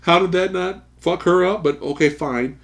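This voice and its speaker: A man co-hosting a casual podcast chat, telling stories in a profane, animated way and laughing often. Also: high voice, moderate pace. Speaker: podcast co-host.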